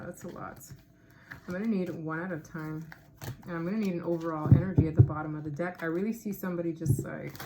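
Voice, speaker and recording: Lady tarot reader thinking out loud, kinda low voice, laughs a lot. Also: noisy background. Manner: musing, thinks aloud, laughs often. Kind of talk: casual tarot reading monologue.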